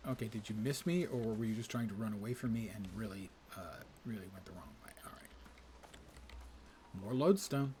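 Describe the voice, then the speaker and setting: A man streams a game live, offering casual commentary as he talks wryly to himself and reads quest text aloud. His voice sits on the low side with a dark tone, at normal speed, over slight background noise.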